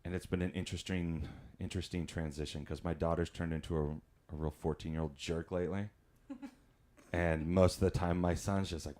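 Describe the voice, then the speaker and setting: A man's voice: low-pitched, steady tone, a little fast, a little mellow. A man doing stand-up comedy, telling chatty stories, laughing at his own jokes and acting out voices.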